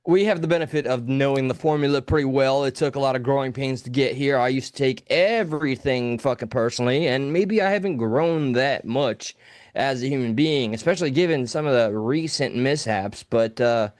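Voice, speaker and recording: A man's voice: medium pitch, brisk, dry recording. A man co-hosting a live call-in show, talking candidly and self-deprecatingly, swearing freely. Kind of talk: casual live show banter.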